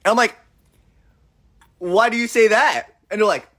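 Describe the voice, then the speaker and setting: A man hosting a casual livestream chat, telling stories in an animated way and acting out the other people's lines. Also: high-pitched, normal speed, long pauses. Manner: animated storyteller who acts out conversations. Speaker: livestream host. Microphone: phone.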